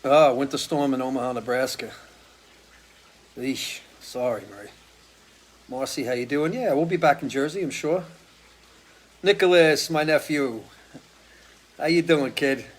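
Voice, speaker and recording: A middle-aged man from the US Northeast, a musician hosting a relaxed live stream from a porch, greeting viewers by name one after another, his voice a bit worn from singing. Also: medium pitch, unhurried, long pauses. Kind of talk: casual chat greeting viewers. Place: porch at home.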